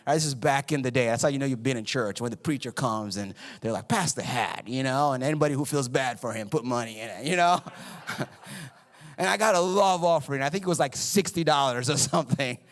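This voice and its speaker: A man's voice: mid-range voice, quick pace. A man preaching a sermon as pastor, playful and joking with the congregation in a church auditorium.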